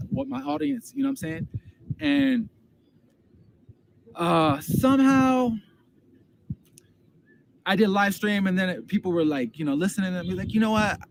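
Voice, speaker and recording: A man's voice: sits high, vocal fry. A man telling a story casually, heated and profane, often repeating himself. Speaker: storyteller recounting a dispute. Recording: loud background noise.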